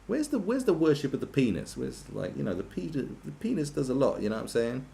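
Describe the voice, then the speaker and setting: Gravelly man ranting sarcastically. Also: mid-range voice, sing-song, fast, dark tone. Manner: sarcastic, mocking, lots of restarts. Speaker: podcast host. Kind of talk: crude comedic rant.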